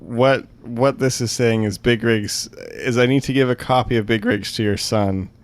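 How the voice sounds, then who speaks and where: A man co-hosting a casual podcast, talking in a relaxed way with dry jokes. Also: medium pitch, normal speed. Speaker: podcast co-host. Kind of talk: casual chat.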